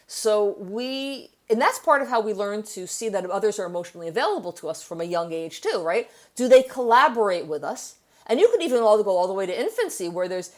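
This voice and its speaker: A woman author and therapist explaining ideas in an interview, telling stories from her practice with frequent restarts. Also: medium pitch. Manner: explanatory, storytelling, with many restarts. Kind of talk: interview conversation.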